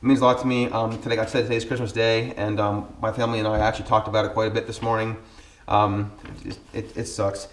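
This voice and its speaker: Talking fast in a fairly low voice with little pitch variation, this Pennsylvania man in his thirties vlogs casually and earnestly to camera about his car channel, with many ums. The recording has a roomy sound.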